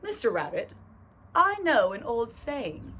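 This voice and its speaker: A woman's voice: fairly high pitch, wildly swooping pitch, pushed and bright, exaggerated voice. A woman doing a wise old owl with a put-on accent. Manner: slow, sing-song put-on accent. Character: wise old owl giving calm advice.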